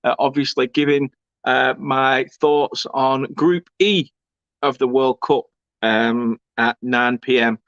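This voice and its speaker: A man's voice: medium pitch, steady tone, takes it slowly, fairly bright tone, no room sound, dull audio. A young man hosting a football fan live stream, reading out comments with banter and swearing. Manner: chatty, banter-filled, swearing, laughing asides. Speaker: fan channel host.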